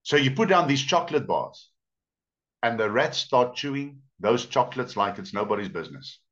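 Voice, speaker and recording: Pastor, sermon, expressive pitch swings, dull lo-fi church recording. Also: male voice. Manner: storytelling, emphatic with drawn-out words. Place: church service.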